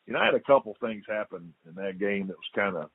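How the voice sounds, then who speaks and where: Older guy telling old football stories, kinda husky, tinny dry phone sound. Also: fairly low pitch, fast talker. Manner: lively storyteller, repeats words, acts out quotes. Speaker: former football player, guest. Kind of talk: casual storytelling interview.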